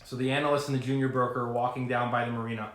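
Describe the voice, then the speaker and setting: A man vlogging to camera about trading, talking in a rambling, animated way full of fillers and asides. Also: mid-range voice, rapid-fire, roomy sound. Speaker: finance vlogger. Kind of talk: casual talking-to-camera rant.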